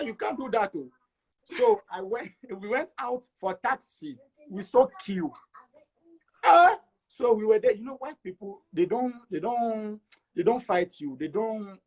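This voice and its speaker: A middle-aged man from Togo, an interview guest, telling his travel story in an animated way and acting out the dialogue. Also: high voice, slightly rough. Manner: animated, acts out dialogue with repeats.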